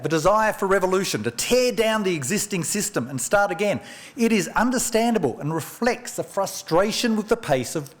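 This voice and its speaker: Lively, higher-voiced man giving a formal speech. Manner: measured lecturing with rhetorical questions and anecdotes. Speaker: economist giving a memorial oration. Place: large function room at a press club.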